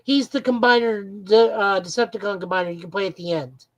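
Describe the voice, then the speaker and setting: A woman's voice: mid-range voice, steady tone, brisk, no echo, highs cut off. A woman co-hosting a podcast, eagerly recapping comic book plots in a casual chat with frequent "uh"s. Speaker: podcast co-host.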